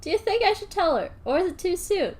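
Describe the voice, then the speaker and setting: Young woman streamer, high voice, giggly, self-mocking. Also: sing-song, quick pace, darkish tone. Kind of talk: casual livestream commentary.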